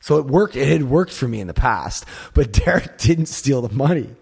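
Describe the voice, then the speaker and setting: A man's voice: medium pitch, expressive, moderate pace, creaky, a little mellow, husky. A man in casual chat, telling rambling, profane stories packed with "like" and filler. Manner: rambling, profane storytelling, heavy use of "like".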